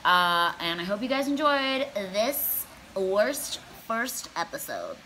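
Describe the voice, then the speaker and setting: A woman's voice: mid-range voice, lively intonation, slow pace, background noise. A young woman telling a comedic storytime vlog, brash and profane, laughing as she goes. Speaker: comedy vlogger.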